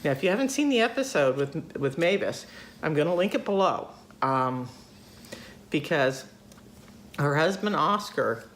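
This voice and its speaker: Older woman, low voice, chatty host, laughs often, faint background hiss. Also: expressive, unhurried. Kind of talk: casual chat.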